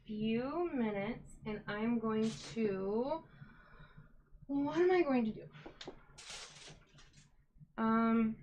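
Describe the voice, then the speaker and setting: A woman's voice: fairly high pitch, dull audio, a little hiss or hum. A woman hosting a casual live stream as a yarn dyer, chatty and upbeat, talking to her viewers as she works.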